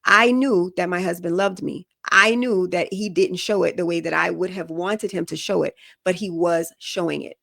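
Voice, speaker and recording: A woman's voice: fairly low pitch, fairly even intonation, moderate pace, vocal fry, hardly any pauses, fairly bright tone, no echo, studio quality. A woman hosting a podcast, giving relationship advice in a frank, casual way and often checking that listeners follow her. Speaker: podcast host.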